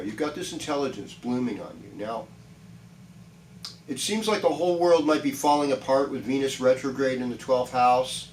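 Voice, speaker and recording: A man's voice: medium pitch, roomy sound, recorded from a distance, slight background noise, low-quality recording. A man giving a chatty, reassuring weekly horoscope talk, rambling with many restarts. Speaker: astrologer.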